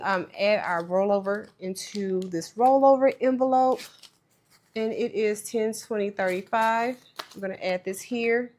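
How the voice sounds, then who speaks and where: A woman casually talking viewers through stuffing cash into budget envelopes, chatty and self-deprecating. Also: mid-range voice. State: tearful, voice breaking. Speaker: budgeting vlogger.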